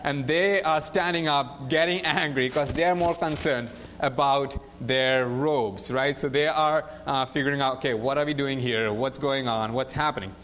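A young man preaching in a casual, animated storytelling way, often saying "like" and "right?". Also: medium pitch, moderate pace, few pauses, slight background noise. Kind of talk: casual sermon retelling a Bible story.

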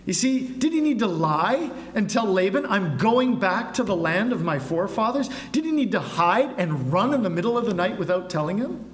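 High-voiced man preaching in an echoey church. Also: very animated, moderate pace, hardly any pauses. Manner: asks the congregation rhetorical questions. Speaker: pastor. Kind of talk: sermon. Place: church sanctuary. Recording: echoey room with faint hum.

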